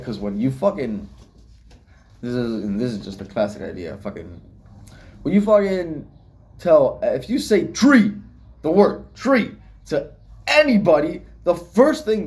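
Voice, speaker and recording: Slow-talking, profane rambling man. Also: a little high, darkish tone. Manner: profane, laughing, philosophical rambling. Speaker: vlogger. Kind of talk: rambling casual monologue.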